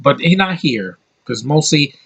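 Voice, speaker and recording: A man's voice: on the high side, lively intonation, unhurried, creaky, fairly bright tone, husky. An American man giving a casual, rambling film review, blunt and opinionated, swearing freely and restarting his sentences often. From United States. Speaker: movie reviewer.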